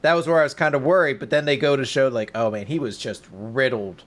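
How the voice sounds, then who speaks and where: A young man co-hosting a podcast in casual chat, telling stories with lively, acted-out bursts. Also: mid-range voice, quick pace. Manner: animated storyteller, acts out scenes in loud bursts. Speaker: podcast co-host.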